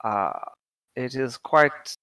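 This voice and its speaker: A man's voice: mid-range voice, sharp tone, clean tone, dry recording, poor audio. A man doing a fussy German wagon master. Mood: apologetic. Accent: German put-on accent. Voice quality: halting, many ums and uhs. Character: male wagon master with a fussy, bureaucratic manner. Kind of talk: tabletop game voice acting.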